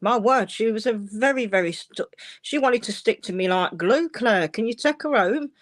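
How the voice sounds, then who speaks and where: Speaking at a moderate pace in a voice that sits a little high, this woman gives live psychic readings over a stream. Her manner toward callers is warm and soothing, full of endearments such as "darling" and "my love."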